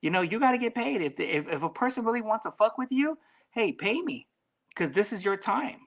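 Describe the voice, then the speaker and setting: A man as a podcast guest in casual chat, talking bluntly with lots of swearing and animated swings in delivery. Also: high-pitched, a little fast.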